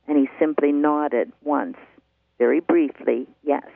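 Gravelly older woman on tinny radio. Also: low voice, a little slow, dry recording. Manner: earnest, emphatic storyteller who repeats for stress. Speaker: herbal shop owner and radio show host. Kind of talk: call-in radio health talk. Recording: tinny phone-like radio line.

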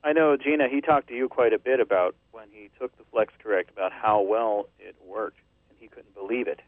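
A man's voice: on the low side, brisk, no room sound. A man hosting a radio talk show, chatting in an affirming, conversational way. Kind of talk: casual radio chat. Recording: dry, tinny phone-like line.

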